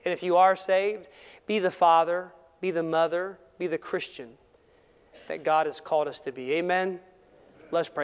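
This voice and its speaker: A man preaching a sermon as pastor, passionate and rising in force, then falling to soft, quiet lines. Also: fairly high pitch, steady tone, normal speed, clear, resonant tone. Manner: impassioned preaching with sudden drops to soft tones. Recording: long hall reverb.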